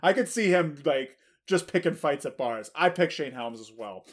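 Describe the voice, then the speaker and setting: A man's voice: fairly high pitch, expressive, moderate pace. A man co-hosting a podcast in casual chat, joking and giving easygoing opinions. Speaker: podcast co-host.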